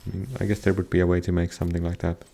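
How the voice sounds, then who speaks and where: A man playing a card game online, grumbling and swearing at it, at times yelling in frustration. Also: low voice, level tone, very fast, vocal fry, a little hiss or hum. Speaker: gamer streaming a card game. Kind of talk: angry gameplay commentary.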